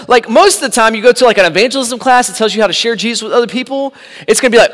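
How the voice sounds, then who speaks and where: A man preaches in a relaxed, conversational way, one moment driving a point home with force, the next dropping to a quiet aside. His voice sits a little higher than most men's. A long reverb trails every phrase, as in a large church sanctuary. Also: quick pace. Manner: conversational preaching that swings between loud emphasis and quiet asides. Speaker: pastor. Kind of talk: sermon. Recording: long echo of a large hall.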